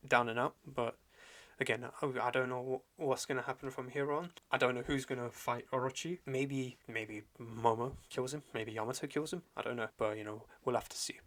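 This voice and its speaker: A young adult man hosting a podcast, recapping in a slangy, animated way with lots of fillers and restarts. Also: mid-range voice, a little fast. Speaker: podcast host reviewing a manga chapter. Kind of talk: casual chat.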